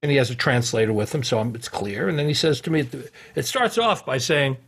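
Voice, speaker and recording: A man's voice: medium pitch, lively intonation, brisk, hardly any pauses, a bit bright, husky. A middle-aged man, a podcast guest, telling a long anecdote in a rambling way with many fillers, restarts and chuckles. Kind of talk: casual anecdotal storytelling.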